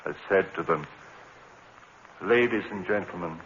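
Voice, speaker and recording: An actor playing a haunted lecturer who slides into murderous madness and narrates his own story, in an old radio drama. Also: measured pace. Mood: numb. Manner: frantic and pleading in scenes, numb and low in narration. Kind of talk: 1940s radio acting. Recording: lo-fi old radio broadcast with loud hiss.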